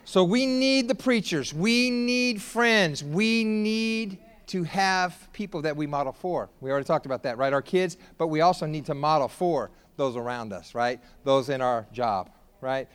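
A man preaching a sermon as pastor, joking with the congregation and building up to shouted exhortations. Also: medium pitch, smooth.

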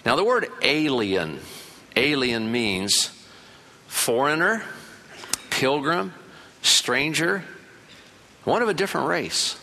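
An older man preaching a sermon as pastor, telling lively stories and reading scripture verse by verse. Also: mid-range voice, measured pace, long pauses. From Italian family in America. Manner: animated storyteller, breaks into loud put-on relatives' voices.

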